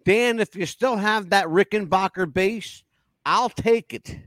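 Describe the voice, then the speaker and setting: A man hosting a casual talk show, telling stories in an animated way and swearing freely. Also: high voice, unhurried, no room sound, clean studio sound. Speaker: show host.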